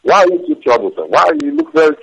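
A man in a heated phone argument, shouting repetitive insults in broken English, heard over a telephone line. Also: on the high side, big pitch swings, fast, vocal fry, noisy background. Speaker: phone call recipient.

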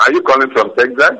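A man in a heated phone argument, shouting repetitive insults in broken English, heard over a telephone line. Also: medium pitch, slightly rough. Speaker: phone call recipient.

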